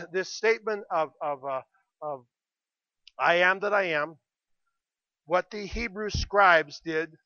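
A man's voice: high voice, slow pace, long pauses, sharp tone, no echo, muffled recording. A man preaching a sermon as pastor, earnest and checking in with the congregation, with a slightly sore throat. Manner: earnest, repeats "okay?" to the congregation.

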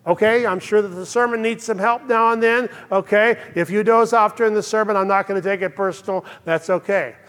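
A man's voice: high voice, fairly even intonation, fairly quick, hardly any pauses, a bit bright, long reverb tail. An older man preaching a sermon in a church, earnest and emphatic, his voice rising to exclamations. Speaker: pastor.

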